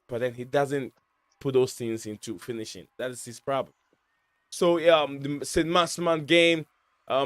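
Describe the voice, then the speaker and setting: A man's voice: medium pitch, no echo. A man hosting a live watch-along, giving casual, rambling match commentary with lots of fillers and restarts.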